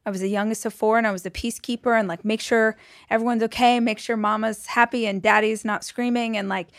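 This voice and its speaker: A woman's voice: on the high side, fairly even intonation, fast, no echo, studio quality. A woman hosting a podcast who chats casually and reflects openly, with many fillers. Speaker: podcast host.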